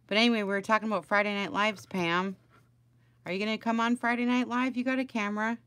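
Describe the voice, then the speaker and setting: A woman's voice: mid-range voice, steady tone, fast, a bit bright, no room sound. A middle-aged woman chatting casually on a home crafting livestream, rambling and greeting viewers by name.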